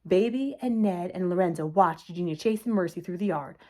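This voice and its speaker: A woman telling a children's story aloud in a clear, expressive way. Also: fairly low pitch, fairly quick. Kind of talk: children's book read-aloud.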